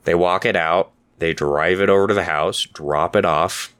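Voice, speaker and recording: A man's voice: sits low, fairly even intonation, normal speed, a bit bright, smooth. A man co-hosting a podcast in casual chat, laid-back and profane, laughing often. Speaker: podcast co-host.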